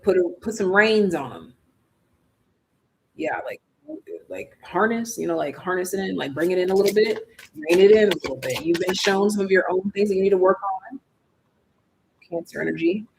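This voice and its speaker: A tarot reader giving a casual live-stream reading, chatty and slangy, thinking aloud and swinging between hushed asides and loud exclamations. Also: medium pitch, slight background noise, rough recording.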